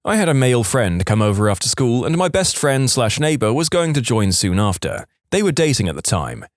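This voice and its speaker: A man reading confessional stories aloud in a scripted storytime style. His pitch swings widely as he reads, keeping the delivery animated. The recording is close and dry with no room sound. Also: fairly quick, no room sound. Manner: lively, expressive reading. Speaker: storytime narrator.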